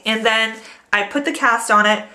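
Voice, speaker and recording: Young woman, casual home vlog, slightly high voice, a little out of breath, chatty. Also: moderate pace. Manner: chatty, talks to her dogs in a high excited voice. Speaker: vlogger. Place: at home indoors.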